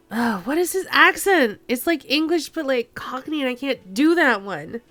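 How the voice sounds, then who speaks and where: Playful, animated woman reading a game. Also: high-pitched, moderate pace, few pauses. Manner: playful, laughs at her own lines. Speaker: streamer. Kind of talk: reading a narrative game aloud. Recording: dry room with faint music.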